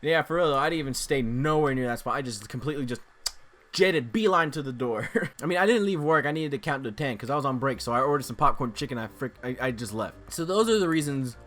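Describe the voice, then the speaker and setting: A man's voice: medium pitch, lively intonation, fast talker, fairly bright tone. A young man vlogging casually, telling a rambling story and acting out the voices of people he quotes.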